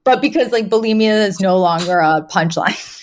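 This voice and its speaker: A woman co-hosting a podcast, talking in relaxed, casual chat. She is animated and laughs a lot. She slips into voices when quoting lines from an episode. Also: medium pitch, normal speed, slight background noise. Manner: animated, laughs often, acts out quoted lines. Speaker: podcast co-host.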